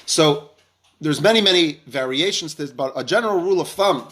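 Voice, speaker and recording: A man with a fairly high voice tells a story as part of a Torah lesson. He acts out the dialogue and often restarts his sentences. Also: animated, brisk, a bit bright. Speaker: rabbi teacher.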